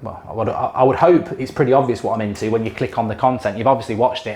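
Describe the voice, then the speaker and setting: A middle-aged man talks straight into a handheld camera while cooking at home. He tells a story in a casual, exasperated ranting style, with mild swearing and mocking put-on voices for other people. His pitch sits mid-range. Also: fairly even intonation, quick pace, hardly any pauses, darkish tone. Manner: exasperated, swears mildly, mocks others in impressions. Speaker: YouTube host cooking on camera. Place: home kitchen.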